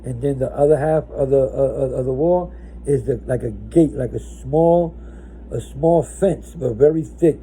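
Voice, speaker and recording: A man's voice: mid-range voice, moderate pace, mellow, slight background noise, low-quality recording. A man from New Jersey telling his own story casually, rambling with lots of restarts. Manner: rambling, with many restarts and "right?".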